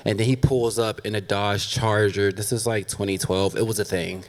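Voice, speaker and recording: A man in his thirties tells a funny true story on stage, candid and throwing laughing asides to the audience. His voice is lowish and steady at a normal speed. This live personal storytelling carries the long reverb of a stage hall.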